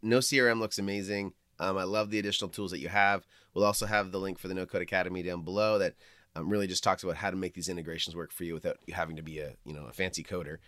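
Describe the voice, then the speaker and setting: A man's voice: low-pitched, fairly even intonation, racing, fairly bright tone, no room sound. Upbeat podcast host man, dry close sound. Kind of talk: casual podcast interview.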